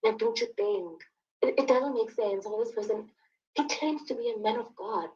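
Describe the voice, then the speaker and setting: A young woman from Lesotho telling her own story in a casual, animated way, acting out the quotes and saying "like" and "sharp" often. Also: a little high, moderate pace, distant mic, lo-fi sound.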